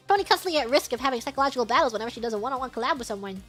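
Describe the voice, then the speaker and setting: Streamer, woman: high, bouncy read of superchats, playful and giggly, faint music under the voice. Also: expressive, racing, fairly bright tone. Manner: playful, bursts of high laughter, stumbles over foreign words. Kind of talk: casual livestream chat.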